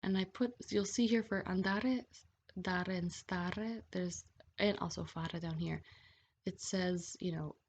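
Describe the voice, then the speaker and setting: A woman's voice: lowish voice, fairly even intonation, slow, a little mellow. A woman teaching grammar over slides, patient and checking in often with "okay?". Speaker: Italian language teacher. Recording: dull lo-fi voice-over with faint hiss.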